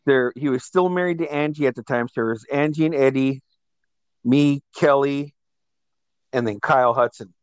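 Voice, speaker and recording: A man's voice: medium pitch, normal speed, clear, resonant tone, no room sound, highs cut off. A man telling rowdy party stories in a casual chat, swearing freely and laughing as he goes. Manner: profane, animated storytelling with laughter. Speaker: host.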